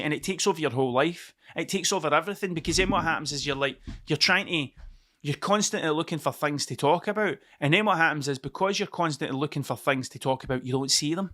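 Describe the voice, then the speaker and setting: A fairly high, fairly quick male voice, pushed and bright, carries this casual solo podcast. The Scottish host rambles from one idea to another and curses freely.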